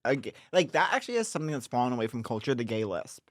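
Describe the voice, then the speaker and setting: A man's voice: medium pitch, very animated, racing, no room sound, studio quality. A man co-hosting a podcast, telling anecdotes in casual chat and drifting into trailing asides. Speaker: podcast co-host.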